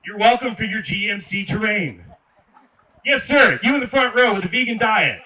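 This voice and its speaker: Working an outdoor park stage with a handheld mic, a man from Michigan needles the crowd in a sarcastic stand-up set, talking right to them. His voice sits high and sounds expressive and sharp, at an ordinary speed. The recording is distant and faintly noisy.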